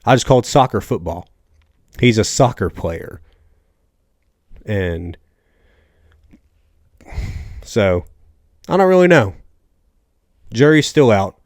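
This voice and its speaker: Rambling young American man, low voice. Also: expressive, slow pace, long pauses, a little mellow, no room sound, studio quality. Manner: rambling, joking storyteller with restarts and asides. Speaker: podcast host. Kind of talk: casual solo podcast chat.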